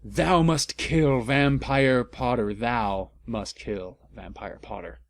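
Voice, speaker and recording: A man voicing a cruel, noseless dark lord villain who speaks slowly in pompous, old-fashioned phrases. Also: medium pitch. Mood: menacing.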